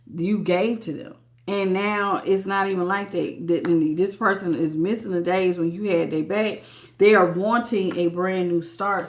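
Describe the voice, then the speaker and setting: A woman's voice: medium pitch, a bit bright. A woman giving a live tarot reading, blunt and sassy, greeting viewers as baby and sweetie. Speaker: tarot reader.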